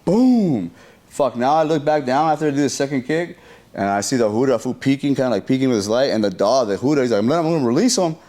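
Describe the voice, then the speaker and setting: A man in a relaxed interview telling a story in a loose, slang-heavy and profane way. He is mid-pitched, and he keeps acting out what people said and punching it up with sound effects. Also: quick pace. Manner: animated retelling that acts out what people said.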